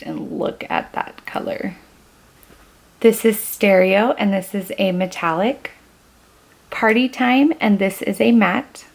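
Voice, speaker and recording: A woman's voice: medium pitch, gravelly. A young woman showing her makeup collection in a casual beauty vlog, gushing over each shade as she names it. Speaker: beauty vlogger.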